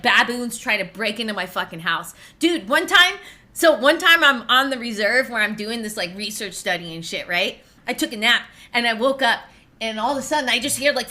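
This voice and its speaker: A woman in her thirties, a streamer telling casual stories in an animated way, swearing and laughing often. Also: on the high side. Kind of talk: casual storytelling.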